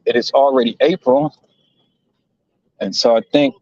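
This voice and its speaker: A man's voice: medium pitch, huge pitch swings, unhurried, vocal fry, a little mellow. A man hosting a casual live stream, rambling and chatting with people around him, likely at a laundromat. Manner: rambling, chatty, talks to passersby and a toddler. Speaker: livestream host. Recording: lo-fi phone audio.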